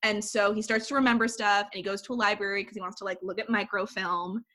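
A woman's voice: mid-range voice, fast talker. A woman co-hosting a podcast, chatting casually and retelling a film's plot with lots of "like". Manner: animated storyteller, heavy use of "like". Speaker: podcast co-host.

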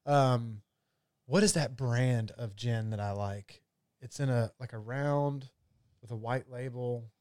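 A man's voice: mid-range voice, slow pace, a little mellow, no echo. Man, casual whiskey chat, rambling, swears a lot, dry close sound. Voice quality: loose, profane, rambling delivery.

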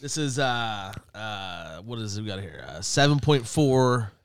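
A man's voice: on the low side, expressive, measured pace, clean tone, no room sound, clean studio sound. Joking man hosting a beer podcast. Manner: crude, joking, reads beer labels aloud. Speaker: podcast host. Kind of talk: casual banter.

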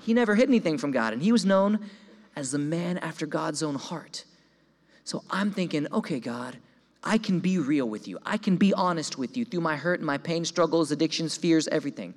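Young man telling a lively testimony. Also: a little high, brisk. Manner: animated storytelling, voices his own quoted thoughts; repeats words when excited. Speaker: speaker giving a testimony. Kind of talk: sermon testimony. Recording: long hall reverb.

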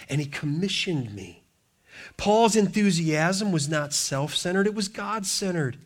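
A man's voice: high voice, a bit bright. A middle-aged male pastor preaching a sermon with passionate, emphatic delivery and repeated phrases.

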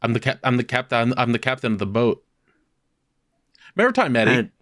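A man's voice: mid-range voice, animated, a little fast, fairly bright tone, no echo, studio quality. Upbeat man hosting a podcast. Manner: upbeat, laughs often, stumbles over words. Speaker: podcast host. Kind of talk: casual podcast chat.

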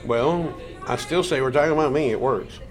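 A man, joking gruffly in casual banter with crude quips. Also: mid-range voice, moderate pace, a crowd in the background.

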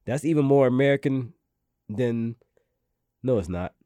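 A man's voice: medium pitch, measured pace, no room sound. A man co-hosting a podcast in casual chat, easygoing and joking, sounding congested from allergies. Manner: easygoing, joking, animated storyteller. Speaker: podcast co-host.

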